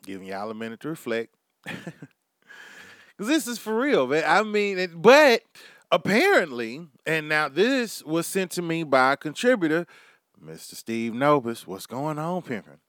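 A man's voice: on the high side, sing-song, measured pace, a bit bright, dry recording, clean studio sound. A man hosting a comedy monologue, brash and crude, riffing with mock asides to an imagined crowd. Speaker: comedy podcast host.

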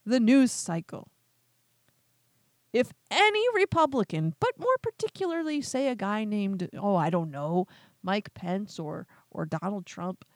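A woman's voice: fairly high pitch, no room sound, clean studio sound. A woman host giving opinionated news commentary, sarcastic and incredulous, retelling quotes with exasperation. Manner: quotes others in animated retellings.

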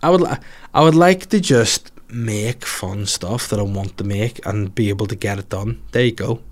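A lowish-voiced man talks at a normal speed on his own podcast, where as a comedian he takes listener questions. The chat is casual and meandering, peppered with swearing and jokey tangents.

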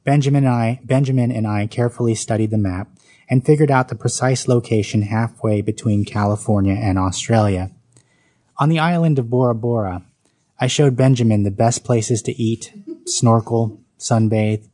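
A man's voice: medium pitch, moderate pace, mellow. A man reading his own autobiographical story aloud, with dry comic timing.

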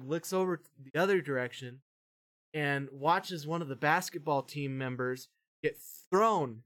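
A podcast host with a voice on the high side tells a long story in casual chat, rambling and animated. He swears freely and acts out the voices of the people involved.

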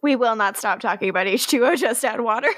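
A woman's voice: on the high side, fast, dry recording, studio quality. A woman co-hosting a podcast in casual chat, bubbly and enthusiastic, giggling often. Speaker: podcast co-host.

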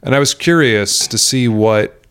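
A man's voice: mid-range voice, a little slow, fairly bright tone, clear, resonant tone. A young man co-hosting a podcast in casual chat, joking and rambling, often breaking into laughter. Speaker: podcast co-host.

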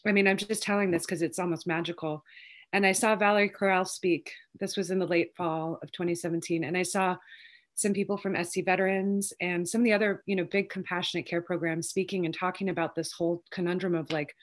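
A woman speaking quickly and informally in an interview, piling on fillers and restarts as she tells a long story. Her voice sits a little low for a woman. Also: fairly even intonation. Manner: fast, rambling, many fillers. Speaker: lawyer and cannabis advocate.

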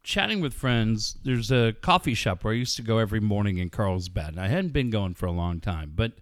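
A man hosting a casual talk show, talking in a lively way, swearing and ranting. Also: on the low side, brisk, clear, resonant tone, no echo. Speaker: host. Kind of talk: casual radio chat.

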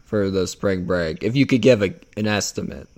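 A man's voice: low-pitched, moderate pace, a little mellow. A young man hosting a casual chat, laid-back, swearing and calling his guest "dude".

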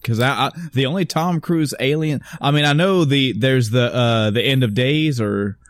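A man's voice: medium pitch, moderate pace, no room sound. A man hosting a podcast, rambling in casual, profane banter and laughing often. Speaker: podcast host.

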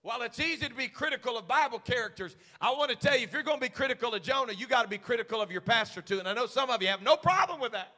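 A man pastor preaching a sermon, swinging from hushed asides to shouted, fiery passages. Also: extremely high pitch, lively intonation, very fast, few pauses, long reverb tail.

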